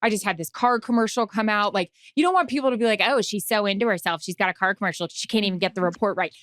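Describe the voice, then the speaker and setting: A woman in her forties co-hosting a podcast, telling an anxious story in a casual, animated way. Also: medium pitch, fast talker, no echo, clean studio sound. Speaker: podcast co-host and sideline reporter. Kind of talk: casual chat.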